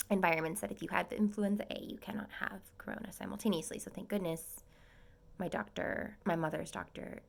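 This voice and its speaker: A young woman talks to camera from her small apartment in a chatty, gushing way, her voice carrying a gravelly fry. She often sinks into a soft whisper, then brightens again. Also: lowish voice, fairly quick. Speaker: nursing student vlogger. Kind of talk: casual vlog update.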